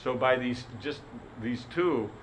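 A man's voice: mid-range voice, takes it slowly, slight background noise, low-quality recording. Brief: man teaching a sermon, loose and rambling, mid-range voice. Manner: rambling, many fillers like "you know". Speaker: spiritual teacher. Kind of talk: sermon with a told story.

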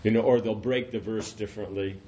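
A man's voice: fairly low pitch, fairly even intonation, a little fast, dark tone, lo-fi sound, a little hiss or hum. A man teaching an informal class, rambling and conversational, often saying "you know".

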